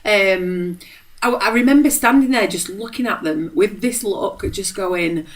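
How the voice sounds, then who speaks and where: A young English woman co-hosting a podcast, telling a story in a casual, animated way, laughing often and acting out what others said. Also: mid-range voice, a little slow. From England. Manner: animated, laughs often, acts out quoted voices. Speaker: podcast co-host.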